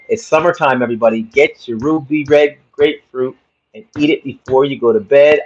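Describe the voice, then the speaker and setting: A man hosting a casual livestream from his phone at home, chatting to viewers in a rambling way and repeating himself. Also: medium pitch. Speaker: livestream host. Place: home room. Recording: slightly dull phone audio.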